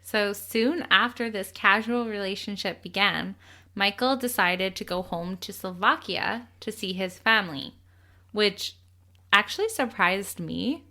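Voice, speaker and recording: A young woman co-hosting a casual true crime podcast, chatty and quick to laugh, swearing casually as she tells the story. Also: mid-range voice, bright, forceful tone.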